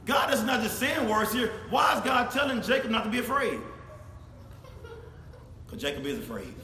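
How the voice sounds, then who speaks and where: A man preaching a sermon, speaking straight to his congregation, swinging from shouted emphasis to low, quiet asides. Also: normal speed, a little hiss or hum. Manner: animated, addresses congregation directly, rises to shouts then drops low. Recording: echoey hall with faint ambience.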